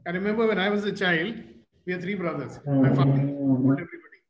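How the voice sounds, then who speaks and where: A man's voice: sits high, expressive, brisk, highs cut off. An older man with an Indian English accent gives a playful motivational talk to a live group, telling stories and asking the audience questions. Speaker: motivational speaker. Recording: echoey room with faint noise.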